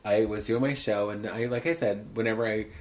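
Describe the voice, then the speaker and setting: A man's voice: fairly low pitch, steady tone, a little fast, darkish tone, slight background noise. Man, from Oregon, podcast host, chatty, joking, storytelling, casual chat. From Oregon, USA. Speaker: podcast host and drag performer.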